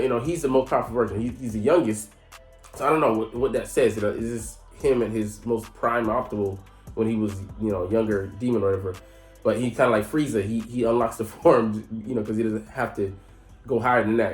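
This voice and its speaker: A man talks casually at a medium pitch, recapping an episode in a rambling way, full of fillers and swearing. His voice rings in an echoey room. A faint music bed plays underneath. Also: quick pace, darkish tone. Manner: rambling, lots of fillers, profane. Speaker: anime reviewer. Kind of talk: casual reaction commentary.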